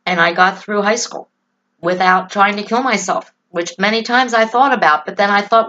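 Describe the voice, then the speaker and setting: A woman's voice: medium pitch, normal speed, pushed and bright. Woman vlogger, emotional and opinionated, kinda muffled lo-fi audio. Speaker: political vlogger. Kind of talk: personal talk to camera.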